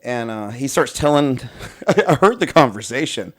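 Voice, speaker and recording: A man's voice: medium pitch, normal speed. A young man, a podcast host, telling a long story in casual chat, full of swearing and fillers, and slipping into voices for the people he quotes. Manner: animated, profane storytelling, mimics people he quotes.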